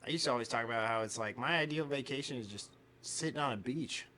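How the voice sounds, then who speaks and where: A man co-hosting a podcast in casual chat, telling animated stories, acting out quotes and swearing freely. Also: medium pitch, quick pace. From United States. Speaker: podcast co-host.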